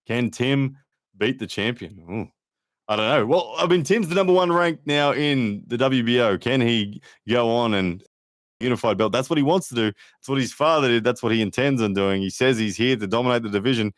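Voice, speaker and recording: A man's voice: medium pitch, brisk, no echo, studio quality. A man hosting a casual live stream, chatting to viewers and reading out their comments with frequent fillers. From Australia. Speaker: livestream host and arm wrestler.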